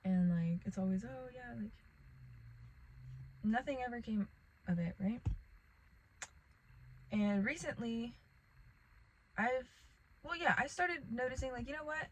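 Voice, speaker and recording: Rambling young woman, slightly high voice. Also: measured pace, pauses often, a little hiss or hum, rough recording. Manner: rambling, filler-heavy, lots of "like". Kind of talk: casual chatty storytime vlog.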